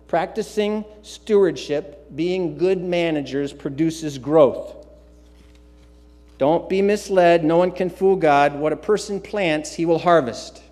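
Man, pastor, sermon, emphatic and repetitive, slightly high voice, long church reverb. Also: a little slow, darkish tone. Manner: repetitive, emphatic preaching with asides and filler sounds. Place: church sanctuary.

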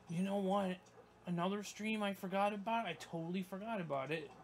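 A young man commentating his gameplay, swearing a lot and breaking into yelps and shouts when things go wrong. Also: high voice, moderate pace, a little hiss or hum. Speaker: gaming YouTuber. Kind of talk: let's play commentary.

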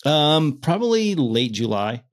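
A man in his thirties chatting casually on a podcast, stumbling and restarting his words when excited, laughing often. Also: fairly high pitch, unhurried. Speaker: podcast co-host. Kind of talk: casual chat.

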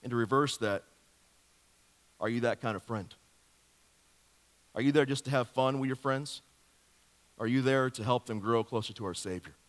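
A male pastor giving a sermon in a lively, joking storytelling manner, firing off rhetorical questions to the congregation. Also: mid-range voice, moderate pace, long pauses. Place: church sanctuary. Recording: long hall reverb of a church.

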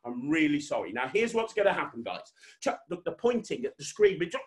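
A British man performing as a children's magician on a virtual party call, hyping kids to shout along and bantering playfully with his puppet. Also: fairly high pitch, big pitch swings, brisk. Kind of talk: virtual kids' magic show. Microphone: video call. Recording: roomy echo.

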